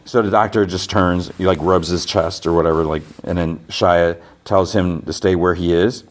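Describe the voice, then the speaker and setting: Brief: low-voiced male host, loose chatty recap, stumbles and restarts. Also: fairly even intonation, moderate pace. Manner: rambling retelling, "he's like" quoting, many restarts. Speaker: podcast host. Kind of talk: casual TV episode recap.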